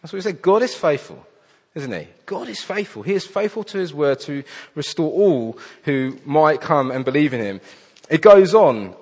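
A man preaching a sermon, reading scripture aloud and then explaining it in an earnest, animated way, often restarting his phrases. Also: fairly high pitch, normal speed, slightly rough. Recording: long hall reverb.

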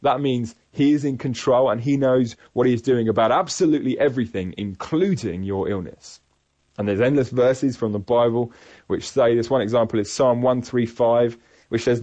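Earnest man preaching, husky voice. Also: mid-range voice, dark tone, no echo. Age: adult parent. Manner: earnest, measured, reflective. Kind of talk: sermon-style Bible teaching.

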